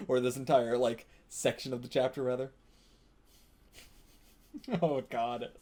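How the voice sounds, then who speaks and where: A man's voice: medium pitch, slow, warm tone. Laid-back man reacting live, chuckling. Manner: casual, thinks aloud, laughs often, swears. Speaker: manga reaction channel host. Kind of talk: live reaction while reading manga aloud.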